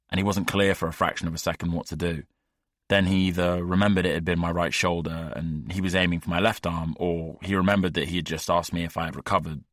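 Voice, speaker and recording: Deep-voiced guy narrating an audiobook, measured and wry, really dry close sound. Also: no echo.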